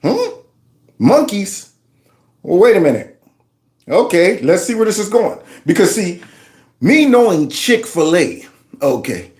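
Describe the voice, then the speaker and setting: A man with a high, very lively voice mocks the news clips he reacts to, swinging his pitch all over as he jeers and talks back. His sarcastic commentary rings in a roomy, echoing space. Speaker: commentary channel host. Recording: roomy echo.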